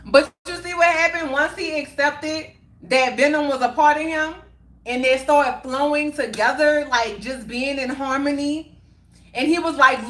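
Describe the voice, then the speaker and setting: Lively motivational woman on a livestream. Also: high-pitched, a little slow. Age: young adult or middle-aged mother. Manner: motivational, preachy about accountability, laughs often. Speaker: livestream host reading viewer comments. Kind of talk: casual livestream chat.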